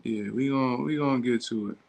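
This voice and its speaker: A man's voice: mid-range voice, fairly quick, vocal fry, a little mellow. Profane, blunt livestreaming man. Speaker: livestream host. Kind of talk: casual livestream chat reacting to comments.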